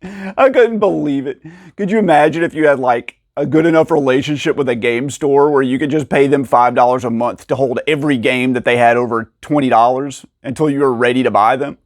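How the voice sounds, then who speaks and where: A man casually telling stories about finding rare video games, acting out the people in them with sudden jumps in pitch and frequent laughs. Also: brisk, few pauses, no room sound, clean studio sound. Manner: animated, acts out quoted dialogue with pitch jumps. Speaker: video game collector and channel host. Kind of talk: casual storytelling to camera.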